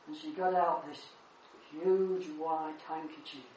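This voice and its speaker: Older male preacher, lively anecdotal sermon delivery, recorded in a reverberant church room. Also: on the high side, slow, slight background noise. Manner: animated storytelling, swells loud on key words.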